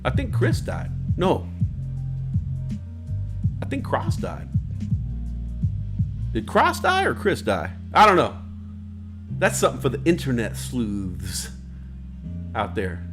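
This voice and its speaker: A man's voice: mid-range voice, huge pitch swings, takes it slowly, pauses often, music in the background. A man hosting a livestream, chatting casually in a rambling, crude way with silly asides. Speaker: livestream host. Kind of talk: casual stream chat.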